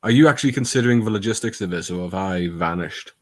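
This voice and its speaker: A man co-hosting a casual live stream, sardonic and sweary with quick asides. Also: deep voice, no echo. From England. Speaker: co-host. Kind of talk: casual banter.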